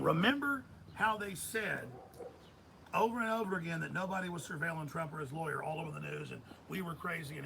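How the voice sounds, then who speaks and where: Male radio host, middle-aged, raised and bright, delivering fired-up commentary. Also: on the high side, creaky, slight background noise, low-quality recording. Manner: intense, emphatic ranting. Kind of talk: heated political commentary.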